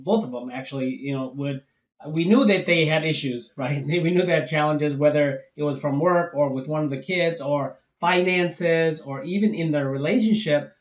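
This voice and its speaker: A man's voice: a little high, roomy sound, poor audio. A man co-hosting, encouraging and conversational as he gives marriage advice. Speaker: co-host. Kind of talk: advice talk for couples.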